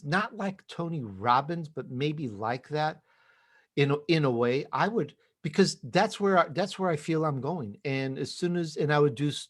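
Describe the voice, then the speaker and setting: A man with a New York accent, chatting and joking as a podcast guest. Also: medium pitch. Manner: chatty and jokey. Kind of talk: casual interview chat.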